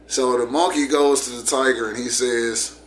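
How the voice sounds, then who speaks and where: A man's voice: medium pitch, steady tone, moderate pace, a little hiss or hum. A man hosting his channel, talking casually and telling a story in a laid-back, repetitive way. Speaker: channel host.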